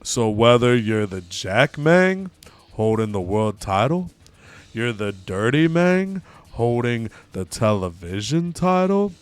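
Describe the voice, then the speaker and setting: A man's voice: mid-range voice, sing-song, slow pace, smooth, soft background music, pitched below the performer's own voice. A man putting on a cocky, swaggering male wrestler's voice, drawling lines and calling people Chico. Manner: drawling, calls everyone Chico.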